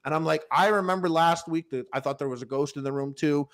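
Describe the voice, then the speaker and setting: On his podcast, a young man in his twenties tells a long, rambling story packed with fillers and restarts. His voice sits fairly high and moves fast in this casual storytelling.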